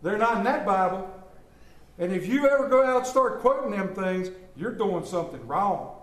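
A man's voice: high-pitched, expressive, normal speed, a bit bright, roomy sound. A man preaching a folksy sermon, reading scripture and talking conversationally, stumbling a little over words because of a swollen lip.

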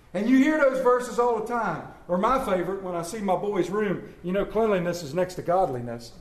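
A man's voice: sits high, darkish tone, echoey room. A man preaching a folksy sermon, reading scripture and talking conversationally, stumbling a little over words because of a swollen lip.

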